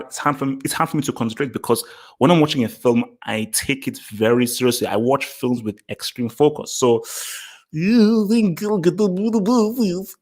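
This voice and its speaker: A man's voice: mid-range voice, husky. A man hosting a casual question-and-answer talk to camera, blunt and emphatic, repeating himself with many fillers. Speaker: host answering viewer questions.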